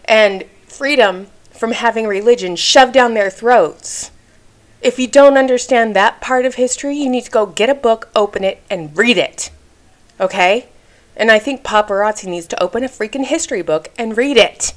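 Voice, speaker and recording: A woman's voice: a little high, moderate pace. A woman vlogger talking straight to the camera in an indignant, emphatic rant, stopping often to ask "okay?", and at times getting emotional. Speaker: YouTube commentary creator.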